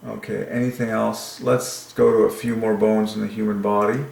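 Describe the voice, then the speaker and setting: A man thinking aloud as he works through counts, musing and halting, with lots of fillers. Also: on the low side, monotone, vocal fry, roomy sound. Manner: musing, halting, with frequent fillers and soft laughs. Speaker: channel host.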